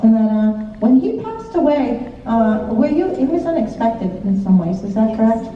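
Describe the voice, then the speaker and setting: Faint noise, heavy hall echo and muffled distance mark this phone recording made from the audience seats. On stage in the large hall, a woman working as a psychic medium gives live readings in an expressive, slightly high voice at normal speed. She's chatty, laughs often and keeps checking in with short questions.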